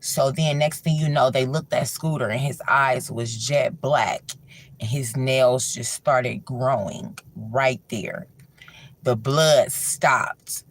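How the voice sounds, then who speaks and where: A livestream host telling a horror story in loose, colloquial talk, full of fillers, dropping low and soft for suspense. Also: slow. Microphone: livestream mic.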